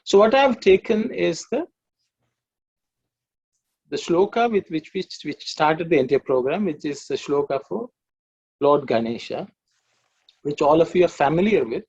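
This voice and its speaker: A man with a somewhat high, gravelly voice lectures to an online class. He explains at length, pausing on fillers and correcting himself mid-sentence. The sound is muffled and lo-fi, like a video call. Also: lively intonation, darkish tone. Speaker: Sanskrit teacher.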